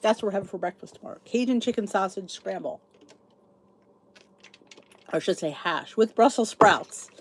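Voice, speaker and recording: A woman's voice: mid-range voice, moderate pace, long pauses. A middle-aged woman hosting a podcast, chatting in a rambling, sleepy way as she thinks aloud and answers comments. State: sleepy, yawning. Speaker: podcast host. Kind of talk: casual chat reading live comments.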